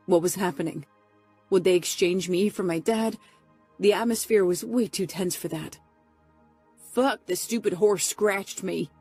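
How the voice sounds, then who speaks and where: A woman narrating a first-person romance audiobook in a steady, close delivery. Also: on the low side, slightly rough, no room sound.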